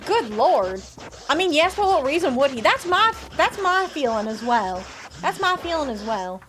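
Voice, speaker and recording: A woman's voice: high-pitched, very animated, normal speed, a bit bright, slight background noise. A woman streaming a game live, chatting playfully with viewers and reading the game's text aloud. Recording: faint music behind.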